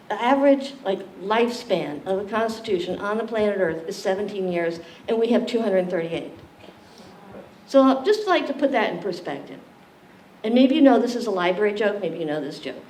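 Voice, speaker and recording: A woman leading an interactive community library lecture, joking with the audience and quizzing them. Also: mid-range voice. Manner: animated, jokey, questions the audience. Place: library meeting room. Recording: echoey room, distant mic, faint hiss.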